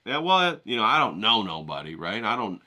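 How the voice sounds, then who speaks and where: A man's voice: fairly low pitch, a little fast. A man in a casual vlog, telling rambling, profane comic stories while he paints outdoors. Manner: profane, rambling, lively storytelling. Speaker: painting vlogger. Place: outdoors at a golf course.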